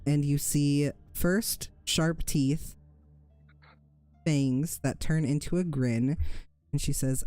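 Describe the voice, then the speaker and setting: A game master narrates a fantasy tabletop game, describing scenes at a slow, careful pace. The voice is mellow and relaxed, with small self-corrections along the way. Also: mid-range voice, faint music behind.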